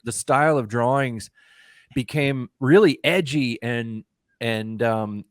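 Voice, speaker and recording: A man's voice: medium pitch, slow pace, no room sound, studio quality. A man reviewing anime in casual podcast chat, rambling with lots of fillers. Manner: rambling, many fillers and restarts.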